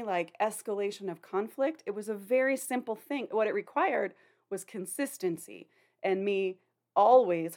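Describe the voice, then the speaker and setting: A woman's voice: medium pitch, darkish tone. A middle-aged woman, a parenting coach, hosting a podcast in an earnest, conversational way with casual fillers. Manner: earnest, conversational, many "you know" and "like" fillers. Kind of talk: podcast talk.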